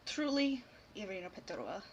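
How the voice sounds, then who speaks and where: A hoarse woman voicing a proud young regency lady who reads a stiff, formal apology letter. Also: mid-range voice, big pitch swings, moderate pace, highs cut off, slight background noise, lightly acted. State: hoarse, voice going out.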